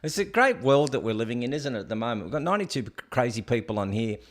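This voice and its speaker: A chatty man hosts a loose commentary show, his voice rising and falling with lively swings. He laughs often and talks loudly, and the pitch sits in an ordinary middle. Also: fast talker. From Australia. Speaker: host. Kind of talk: casual commentary on viral clips.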